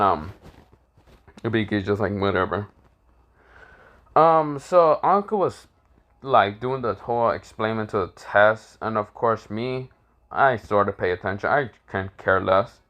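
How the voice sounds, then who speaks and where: A man's voice: fairly low pitch, fairly bright tone, lo-fi sound. A man casually improvising a fan-fiction story aloud, rambling with fillers and restarts and swearing freely.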